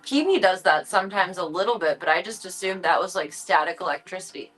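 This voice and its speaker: A woman's voice: on the low side, animated, fairly quick, fairly bright tone, faint music behind, poor audio. A woman livestreaming from home, chatting casually and cooing playfully at her cats in baby talk.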